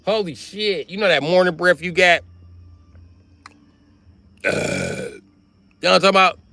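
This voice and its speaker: Guy with ranting crude jokes on a stream, bright voice all over the place. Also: high-pitched, unhurried, gravelly, no room sound. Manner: animated, crude, swings from loud to muttering. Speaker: livestreamer. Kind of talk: rambling comedic storytelling.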